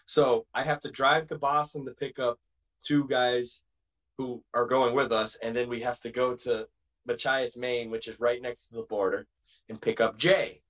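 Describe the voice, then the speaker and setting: A man spinning a road story as a wrestling guest, animated and loose, jumping into little quoted voices along the way. His voice sits in an ordinary middle pitch. The sound is dull and lo-fi, like a streamed call. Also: normal speed. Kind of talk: casual storytelling interview.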